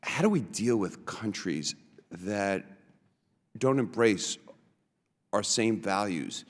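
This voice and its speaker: A man from New York, a congressman, asking witnesses questions at a committee hearing, halting with many fillers. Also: fairly low pitch, lively intonation. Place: large hearing room. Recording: long hall reverb.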